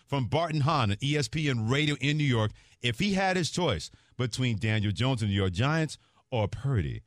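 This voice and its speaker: A man co-hosting a sports talk radio show in a studio, talking in a jokey, quick patter. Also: medium pitch, animated, no echo.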